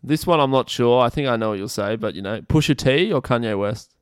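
A man's voice: medium pitch, smooth, dry recording, studio quality. A man co-hosting a podcast, casually firing off questions with upbeat reactions. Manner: upbeat, quick reactive interjections. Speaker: podcast co-host asking questions. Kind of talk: casual chat.

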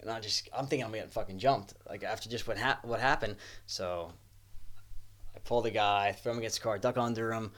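A man's voice: fairly low pitch, a little fast, fairly bright tone. A man casually telling a rowdy story among friends, swearing freely and laughing as he goes. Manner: laid-back, profane, laughs through the telling.

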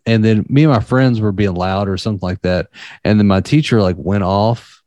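A man in casual chat who tells an anecdote in a relaxed, loose way. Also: lowish voice, fairly quick, no room sound, highs cut off.

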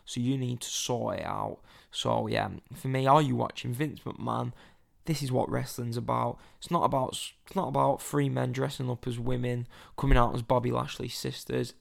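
A man's voice: mid-range voice, moderate pace, creaky. A man giving a chatty, opinionated solo review of a wrestling show. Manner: chatty, opinionated, animated storytelling.

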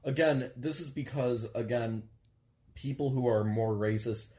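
A man of middle pitch talks casually while watching a film. He speaks hesitantly, with frequent fillers and loose phrasing. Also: unhurried, dark tone. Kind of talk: casual watch-along chat.

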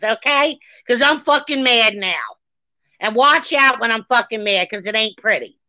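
A woman co-hosting a podcast, ranting furiously with heavy swearing and shouts. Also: high-pitched, dry recording, rough recording. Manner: reads a news article aloud. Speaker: podcast co-host. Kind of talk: angry podcast discussion.

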